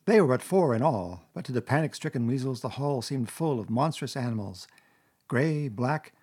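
A man narrating a classic children's story in a measured, expressive audiobook reading. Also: mid-range voice, breathy edge.

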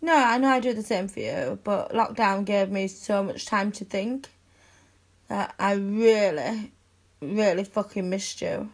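A young woman in a one-sided audio role-play, speaking softly and intimately to the listener as her best friend, with sighs and giggles. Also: medium pitch, measured pace.

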